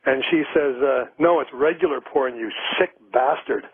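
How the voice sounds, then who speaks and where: A man's voice: medium pitch, moderate pace, breathy edge, no echo. A man from Canada, a journalist calling in to a radio show, telling a joke plainly over a tinny phone line. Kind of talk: casual radio banter.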